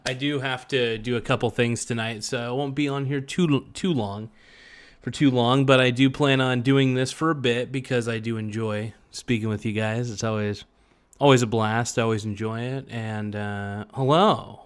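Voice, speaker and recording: A man talking into a desk mic on a casual livestream, in a mid-pitched voice. He jokes and rambles, drags some words out slowly, then breaks into loud bursts. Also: steady tone, clean tone. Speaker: livestream host.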